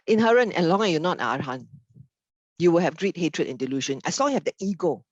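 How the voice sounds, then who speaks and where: Woman, dharma speaker, animated delivery, dry muffled online-talk sound. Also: lowish voice, fast, dry recording. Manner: animated, acts out little quoted exchanges, frequent tag questions.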